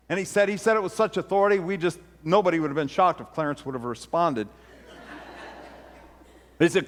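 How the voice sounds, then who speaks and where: A man's voice: sits high, expressive, a little slow, long pauses, a bit bright, long reverb tail. A man preaching a sermon and telling a story, switching into the voices of the people he quotes with rising intensity. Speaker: pastor. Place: church sanctuary.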